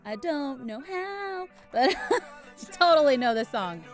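A woman giving bubbly, excitable commentary while playing a video game, talking to the characters on screen. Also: high-pitched, measured pace, soft background music. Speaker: gaming video host. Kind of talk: casual gameplay commentary.

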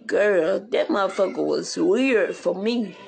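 Gravelly-voiced woman ranting on a livestream. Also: medium pitch, animated, unhurried, darkish tone. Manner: profane, blunt, rambling. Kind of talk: casual livestream rant.

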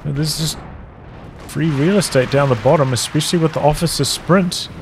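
Game caster, male, calm analytical play-by-play, battle sounds clearly under the voice. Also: a little high, moderate pace, noisy background. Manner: calm, analytical, even-paced. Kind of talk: strategy game play-by-play commentary. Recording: commentary over loud game sound. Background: gunfire, artillery and vehicles.

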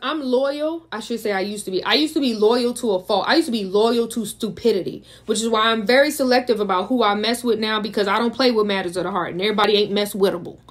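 A woman's voice: medium pitch, quick pace, few pauses. A young adult woman from the United States, telling a dramatic storytime in a chatty way and talking straight to her viewers. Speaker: vlogger. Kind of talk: casual storytime.

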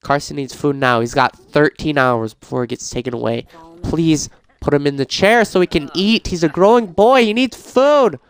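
A man playing a life-sim game, reading prompts aloud and reacting in casual let's-play commentary, getting frantic and shouty when things go wrong. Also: a little high, moderate pace, hardly any pauses, smooth, dry recording. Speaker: gaming YouTuber.

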